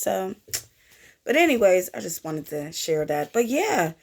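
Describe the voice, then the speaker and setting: A woman giving a casual tarot reading to her viewers in an animated, playful manner, with folksy asides and little sung sound effects. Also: medium pitch, a little slow, vocal fry. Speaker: tarot reader.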